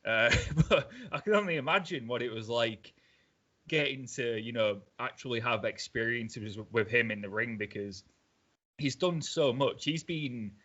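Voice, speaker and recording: A man's voice: medium pitch, measured pace, a bit bright, dull audio. A man hosting a wrestling podcast, friendly and chatty with his guest. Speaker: podcast host. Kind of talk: casual interview chat.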